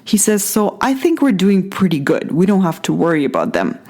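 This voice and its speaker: A woman's voice: medium pitch, sing-song, fairly quick, darkish tone. Chatty woman podcaster from Russia. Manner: chatty, self-correcting, laughs at herself. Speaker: podcast host. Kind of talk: casual solo podcast storytelling.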